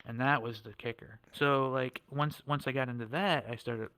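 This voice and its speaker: A man's voice: medium pitch, steady tone, normal speed, sharp tone, smooth, no echo. Rambling man talking about world design. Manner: rambling, repeats words, says "right?" often. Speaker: guest, VRChat world builder. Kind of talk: casual podcast chat.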